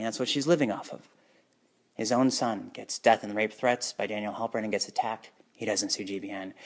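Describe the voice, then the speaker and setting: Speaking off the cuff about his own life, a man sounds bitter and emotionally charged. His pitch sits in the middle range, and his delivery falters now and then.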